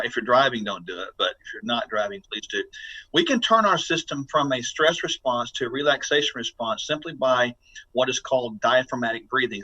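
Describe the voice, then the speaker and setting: A man's voice: mid-range voice, pushed and bright, breathy edge, highs cut off. A man speaking as a guest health expert on a podcast interview, talking in an emphatic, instructive way as he coaches listeners.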